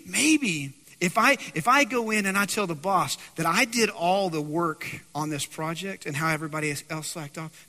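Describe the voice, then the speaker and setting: Animated high-voiced preacher in a hall. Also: male voice. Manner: animated storytelling, acting out voices. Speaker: pastor. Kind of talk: sermon.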